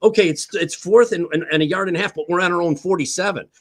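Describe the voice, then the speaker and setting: A man with a fairly high voice argues hard about his team on a sports talk show. He leans on key words, repeats them and drops curses to make his point, speaking as someone who played the game. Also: fast talker.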